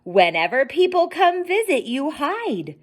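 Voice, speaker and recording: A woman's voice: high-pitched, big pitch swings, a little slow, voice pushed up. A woman reading a storybook, voicing a mother who scolds and coaxes her shy son. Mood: coaxing. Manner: chiding, coaxing. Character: scolding but loving mother queen.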